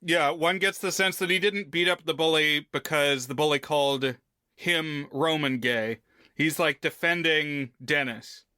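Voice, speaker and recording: A man co-hosting a film podcast, making thoughtful, measured remarks in casual discussion. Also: on the high side, steady tone, bright, forceful tone, clear, resonant tone, dry recording, clean studio sound. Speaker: podcast co-host.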